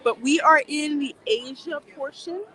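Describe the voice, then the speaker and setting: A woman's voice: high voice, a little slow. A woman hosting a casual livestream outdoors while walking, chatty, laughing often and reading viewer comments aloud. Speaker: livestream host. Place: outdoors in a theme park. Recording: faint outdoor noise behind.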